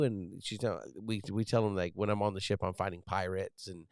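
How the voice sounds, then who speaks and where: A man in his thirties talks in an earnest, rambling way, full of fillers. His voice sits low and sounds smooth and resonant, and the recording is dry and close. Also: steady tone, brisk, a little mellow, dry recording. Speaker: podcast host. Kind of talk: casual chat.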